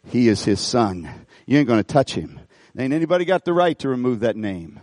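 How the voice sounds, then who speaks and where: A middle-aged man pastoring a church, preaching an animated sermon, folksy and full of repeated phrases as he tells a story. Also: medium pitch, fairly quick, no room sound, studio quality. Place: church auditorium.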